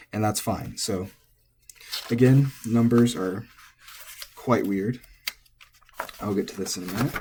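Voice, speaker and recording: A man who is not a native speaker, teaching pitch accent in an informal way, thinking aloud with asides and restarts. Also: warm tone, slightly rough. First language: English. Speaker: language teacher. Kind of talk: explaining Japanese pitch accent.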